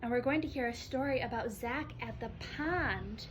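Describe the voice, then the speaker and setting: A woman teaching kindergarten, reading a story aloud in a slow, exaggerated sing-song way and gently encouraging the children. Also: fairly high pitch, a little hiss or hum.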